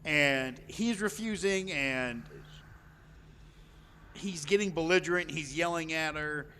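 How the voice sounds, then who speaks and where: Slow-paced and forceful, this man's bright voice runs on the high side. He's telling a story casually during a live stream, chatty and quick to swear, acting out people's lines. The sound carries long reverb with a faint noise underneath.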